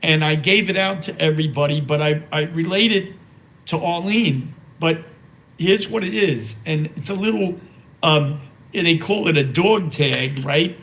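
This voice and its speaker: An older man in his eighties talks as an interview guest, with a voice pitched slightly above the usual male range. He tells his stories in a rambling, sincere way, restarting phrases and filling gaps with "you know". A faint hiss of noise sits under the recording. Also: measured pace, a bit bright, low-quality recording. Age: 80s. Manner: rambling, repeats words and says "you know" often. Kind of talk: heartfelt conversational storytelling.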